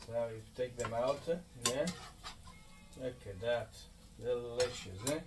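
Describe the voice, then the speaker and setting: A man's voice: medium pitch, fairly even intonation, a little slow. A man hosting a cooking tutorial in his home kitchen, talking viewers through each step and ending lines with a friendly "eh?". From Madeira, Portugal. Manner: friendly, tags sentences with "eh?". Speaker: home cook, video host. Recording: distant mic, faint room noise.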